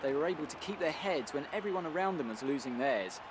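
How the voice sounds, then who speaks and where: A man voicing an expert race pundit in a racing game, breaking down the result in measured, analytical lines. He talks quickly with a slightly raised pitch, and noise runs clearly behind him. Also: expressive, natural voice.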